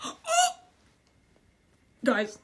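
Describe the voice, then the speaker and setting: Very slowly and in a very high voice whose pitch swoops wildly, a woman hosts a scary-video reaction channel. She's jumpy and stammering, gasping out exclamations as she comments, with slight background noise.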